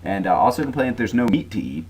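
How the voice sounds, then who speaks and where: A man's voice: medium pitch, animated, very fast, a little mellow, husky. A man lecturing a college class in a chatty, informal way, checking in with frequent asides and fillers.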